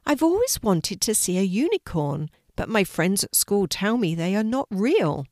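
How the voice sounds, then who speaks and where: A woman voicing an excited, sweet little girl in a storybook, eager and breathless. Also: medium pitch, moderate pace, no echo, studio quality, lightly acted. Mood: wistful. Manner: eager, wide-eyed and breathless.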